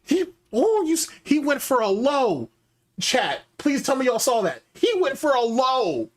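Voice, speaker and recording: A man hosting a live stream, reacting to gameplay clips with animated, laughing trash talk. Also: very high-pitched, unhurried. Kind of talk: casual live-stream commentary.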